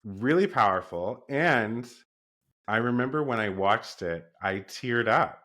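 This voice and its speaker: A man hosting a podcast interview, speaking earnestly and admiringly in a relaxed chat. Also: mid-range voice. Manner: earnest, admiring, slow and thoughtful. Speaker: podcast host.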